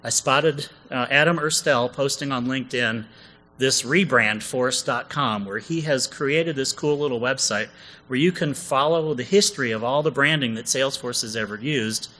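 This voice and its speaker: A man's voice: mid-range voice, normal speed, sharp tone, rough recording. A man co-presenting a comedic conference session, chatty and jokey, often asking the audience questions.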